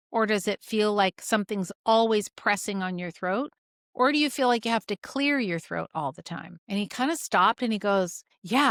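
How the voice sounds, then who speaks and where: Animated woman retelling a patient story. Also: no echo, clean studio sound. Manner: animated, acts out both sides of conversations with big pitch jumps. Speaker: podcast host and functional medicine practitioner. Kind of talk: casual storytelling of a clinical case.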